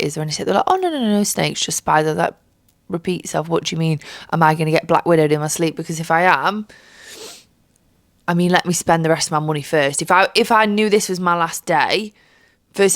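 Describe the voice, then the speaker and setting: Low-voiced young woman, stuffy-nosed and jet-lagged, sweary casual host, dry close sound. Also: no room sound. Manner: chatty, sweary, jokey storytelling. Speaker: podcast host. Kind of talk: casual chat. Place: bedroom.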